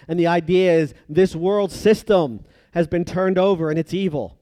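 A man preaching a sermon, moving between loud emphatic passages and hushed, drawn-out phrases. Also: sits high, no echo.

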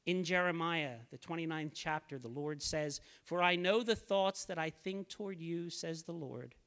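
A man's voice: fairly high pitch, moderate pace, a bit bright, clear, resonant tone. A man preaching a sermon, earnest and pleading as he reads scripture aloud.

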